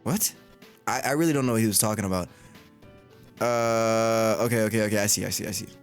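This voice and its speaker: A man's voice: fairly low pitch, a little fast, soft background music. A man giving casual, joking commentary on a game playthrough, swearing freely and rambling as he reacts. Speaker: gaming content creator.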